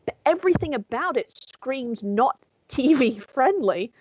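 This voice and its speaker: A woman's voice: high voice, animated, measured pace, darkish tone, breathy edge, no room sound, muffled recording. Enthusiastic swearing woman podcaster. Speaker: podcast co-host. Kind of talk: casual chat.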